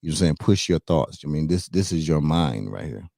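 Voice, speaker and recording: Deep-voiced fast-talking male podcast host. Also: creaky, no echo, clean studio sound. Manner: lively and playful, peppered with "you know what I'm saying". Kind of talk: casual interview chat. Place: studio.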